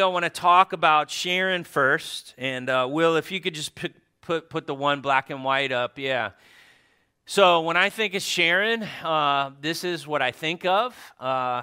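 A man with a bright, crisp, resonant voice gives a heartfelt tribute to a congregation. He tells stories in a lively way, with loud animated bursts and soft, quiet asides. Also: fairly high pitch.

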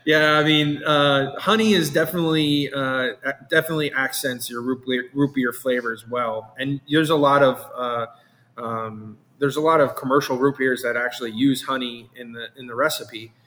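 A man's voice: mid-range voice, steady tone, moderate pace, sharp tone. A man in casual interview chat as a meadery owner, talking in a rambling way that repeats words and restarts often.

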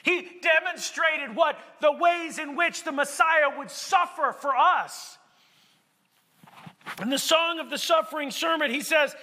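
A man preaching a sermon, swinging between hushed passages and shouted emphasis. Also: extremely high pitch, measured pace. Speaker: pastor. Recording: long hall reverb.

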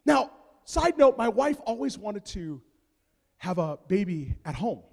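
A man in his thirties, a pastor preaching and telling a comic family story with big swings in loudness. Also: high-pitched, sing-song, measured pace, gravelly. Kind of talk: sermon. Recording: long reverb of a large hall.

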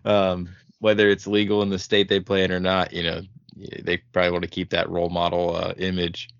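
Man, deep voice, gravelly, laid-back rambling podcast chat, dry dull lo-fi sound. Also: monotone, brisk, fairly bright tone, no room sound. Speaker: podcast guest, show creator. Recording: dull lo-fi audio.

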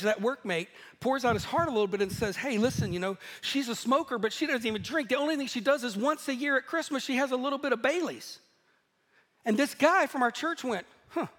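A man preaching a sermon, telling stories in a lively, animated way and laughing at himself now and then. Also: high voice. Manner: storytelling, animated, self-deprecating laughs. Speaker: pastor. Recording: echoey hall.

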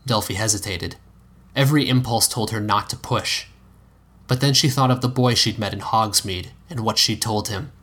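A man narrating a story in a somewhat low voice, steady and even, now and then stopping to correct a word. It sounds like a hobby reading of fan fiction. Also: normal speed.

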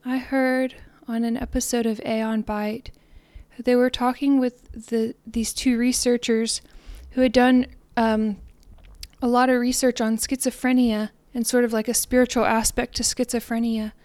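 A woman giving a reflective spiritual talk in a soft, earnest, meditative way, sometimes slowing and fading to near-whispers. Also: a little high, flat delivery, no echo. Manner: soft, slows down and trails off into near-whispers on repeated phrases. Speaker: spiritual podcaster.

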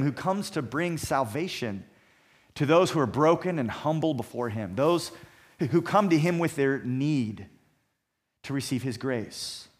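A man delivers a sermon in an emphatic, measured way, stacking repeated phrases to drive each point home. His voice sits a little higher than most men's. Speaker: pastor.

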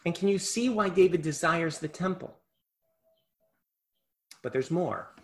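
Impassioned male preacher, slightly high voice. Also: lively intonation, a little slow. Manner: impassioned, swings between loud and hushed. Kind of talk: sermon.

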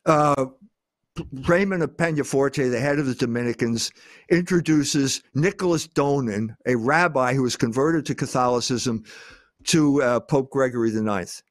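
An older man speaking as a guest, lecturing on history in an emphatic way, with frequent pauses on "uh". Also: mid-range voice, no room sound, studio quality.

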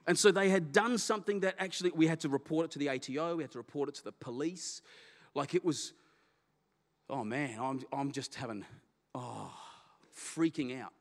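A middle-aged man, a pastor, telling a candid personal story in a sermon with an animated, self-deprecating manner. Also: on the high side, moderate pace. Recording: long hall reverb.

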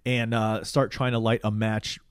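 A man's voice: on the low side, level tone, normal speed, clear, resonant tone, no room sound, clean studio sound. A man in casual talk, animatedly retelling a movie plot with swearing and acted-out lines. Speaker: podcast co-host. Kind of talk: casual movie recap chat.

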